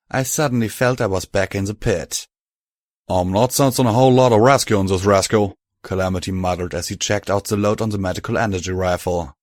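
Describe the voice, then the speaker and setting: A man with a fairly low voice narrates an audiobook in a steady, measured storytelling style. It's scripted narration, recorded dry and clean in a studio.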